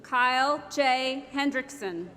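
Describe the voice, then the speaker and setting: A high-pitched female announcer calls out graduates' names individually at a commencement, speaking slowly and deliberately into a podium mic. Heavy background noise fills the large, echoey ceremony hall, where the crowd is loud.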